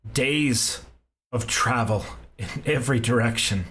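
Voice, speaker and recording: A man as game master, narrating a tabletop game in deliberate storytelling with pauses. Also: mid-range voice, fairly bright tone, rough recording.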